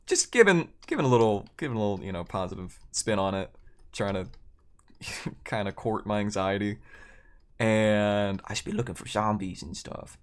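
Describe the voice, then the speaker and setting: A male streamer with a slightly low voice tells a story while he plays. He rambles, restarts his sentences and chuckles along the way. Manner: rambling, self-correcting, laughs between lines. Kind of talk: casual storytelling while gaming.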